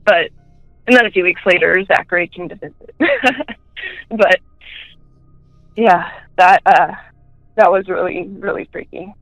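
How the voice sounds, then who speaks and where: A woman telling personal ghost stories in a chatty way, full of fillers, and switching into high voices when she quotes people. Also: unhurried, long pauses, fairly bright tone, no echo, faint music behind, rough recording. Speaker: guest.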